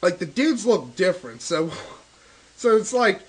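His high voice swings widely in pitch at a measured pace as this young gaming host swears nonstop through a rambling, stoned rant over an old video game. It's profane let's-play commentary, and the recording is rough.

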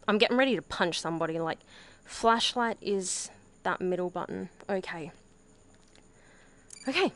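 A woman's voice: mid-range voice, slight background noise. A young woman streaming a VR horror game at home, jumpy and prone to yelps while she counts aloud. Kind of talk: live-streamed VR horror gameplay commentary. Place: home room.

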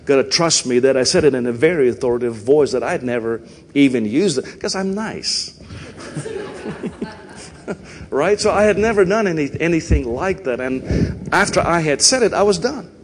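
A man's voice: a little high, animated, moderate pace, big-room sound, a little hiss or hum. A man with a Canadian accent preaching a sermon in a church, chatty and conversational, often checking in with "right?" and "you know". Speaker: pastor. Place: church sanctuary.

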